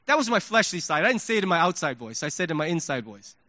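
A male pastor preaching a sermon, telling a story in an animated way and acting out his own reactions. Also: high voice, rapid-fire, no room sound, highs cut off.

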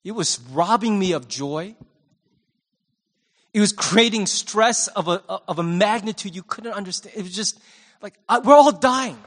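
High-voiced preacher in a reverberant hall. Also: male voice, measured pace. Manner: conversational, animated, swings between loud and hushed. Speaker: pastor. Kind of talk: sermon.

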